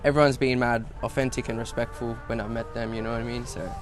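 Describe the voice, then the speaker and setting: A man's voice: medium pitch, flat delivery, fast, soft background music. A young man with a Western Sydney Australian accent, talking casually in an interview, laid-back and sweary, with lots of fillers. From South-West Sydney, Australia. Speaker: rapper interviewee.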